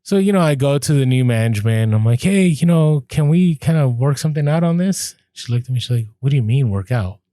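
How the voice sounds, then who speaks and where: A man co-hosting a podcast, telling a story in casual chat, animated, laughing as he goes and acting out what people said. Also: a little high, fast, few pauses, no room sound, studio quality. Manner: animated, laughs through stories, acts out quoted lines. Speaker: podcast co-host.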